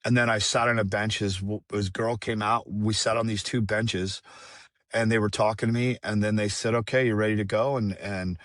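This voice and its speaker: A man's voice: on the low side, fairly even intonation, moderate pace, fairly bright tone, dry recording, clean studio sound. A middle-aged man telling a candid personal story, rambling and profane, with frequent restarts. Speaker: guest singer.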